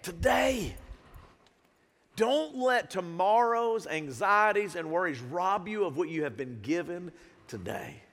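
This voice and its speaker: A male pastor preaching a sermon to a live congregation. He swings between hushed and loud moments and calls out to the crowd. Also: high voice, animated, measured pace, long reverb tail. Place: church sanctuary with a live congregation.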